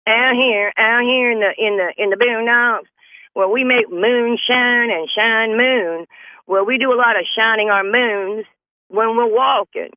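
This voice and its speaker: A man's voice: extremely high pitch, a little slow, no room sound, voice pushed up. A man playing a drawling backwoods woman. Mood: boastful. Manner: drawling, boastful folksy talk. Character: brash backwoods country woman, middle-aged. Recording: tinny phone-line sound.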